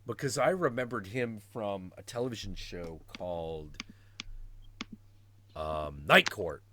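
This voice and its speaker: A man's voice: fairly low pitch, slow pace, pushed and bright, a little hiss or hum. A man in his forties hosting a stream in casual chat, talking animatedly and profanely and acting out quotes. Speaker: stream host.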